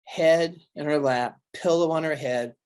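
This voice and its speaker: A male pastor telling stories in an interview, earnest and animated, often restarting his sentences. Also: a little high, measured pace, clear, resonant tone. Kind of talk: recalled storytelling interview.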